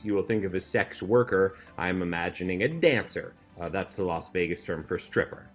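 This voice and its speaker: A man with a very low voice walks through a memory lesson step by step. He talks patiently and repeats himself, with faint music playing behind him. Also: normal speed. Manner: patient, repetitive explaining with fillers. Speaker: magic instructor. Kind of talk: instructional narration.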